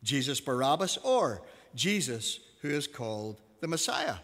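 A man's voice: mid-range voice, big pitch swings, measured pace, fairly bright tone. A man reading the lines of a stern, weary male Roman governor in a scripture reading. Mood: questioning. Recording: long reverb of a hall.

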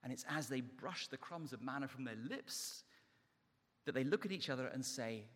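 A man's voice: medium pitch, lively intonation, moderate pace, fairly bright tone, slightly rough, long reverb tail. A man preaching a sermon in an emphatic delivery that rises and falls. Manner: emphatic, rising and falling delivery.

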